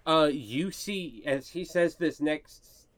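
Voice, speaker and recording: A man's voice: fairly high pitch, expressive, slow pace, dry recording. A man running a tabletop game as game master, narrating in a loose, conversational way.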